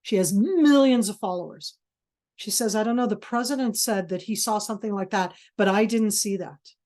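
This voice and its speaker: A woman's voice: medium pitch, a little mellow. Intense woman speaking in a webinar. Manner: intense, emphatic, with halting restarts. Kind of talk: passionate lecture. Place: video call.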